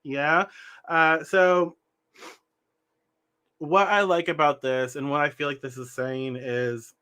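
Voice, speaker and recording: Speaking slowly in a smooth, bright, pushed voice on the high side with fairly even intonation, a young tarot reader offers a spiritual reading. He wanders earnestly from point to point, frequently restarting and correcting himself and gesturing with his hands as he talks.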